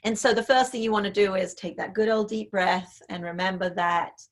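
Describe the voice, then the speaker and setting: A woman's voice: medium pitch, steady tone, a little fast. A woman author being interviewed over a video call, thoughtfully explaining parenting ideas through examples, with frequent fillers. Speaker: author and parenting expert guest.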